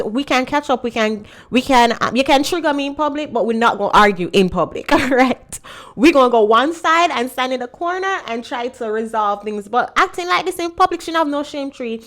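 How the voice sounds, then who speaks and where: Woman, reaction commentary host, blunt, animated, slightly high voice. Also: normal speed.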